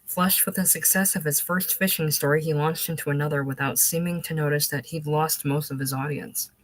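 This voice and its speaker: Low-voiced woman reading a novel. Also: fairly even intonation, fairly quick, no room sound, rough recording. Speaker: audiobook reader. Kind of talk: literary audiobook narration.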